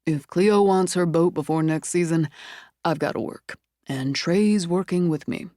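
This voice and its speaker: A woman narrator voicing a practical young man craftsman, matter-of-fact and brisk. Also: lowish voice, dark tone, dry recording, studio quality, close to an everyday voice.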